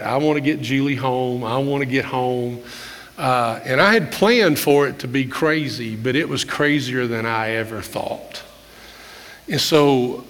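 An older man, a pastor, preaching a conversational sermon with candid stories, often clearing his throat and restarting phrases. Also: mid-range voice, fairly bright tone. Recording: long reverb of a large hall.

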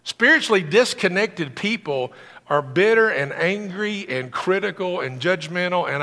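High bright-voiced preacher guy, gets all fired up, church hall echo. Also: a little slow. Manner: animated preaching, rising to excited emphasis. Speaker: pastor. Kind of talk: sermon. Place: church sanctuary.

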